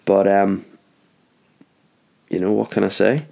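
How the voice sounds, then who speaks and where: A man's voice: deep voice, steady tone, takes it slowly, vocal fry, long pauses, a little mellow. A young man hosting his own podcast from his garage, chatting in a jokey, rambling way and going off on tangents. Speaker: podcast host. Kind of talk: rambling solo podcast chat. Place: home garage.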